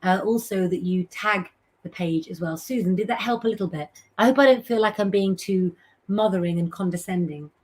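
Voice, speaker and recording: A woman's voice: medium pitch, brisk, darkish tone. Chatty woman reading live comments. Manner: chatty, reads out viewer names and messages, frequent ums. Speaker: astrologer and tarot reader hosting a live stream. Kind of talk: casual live-stream chat reading viewer comments.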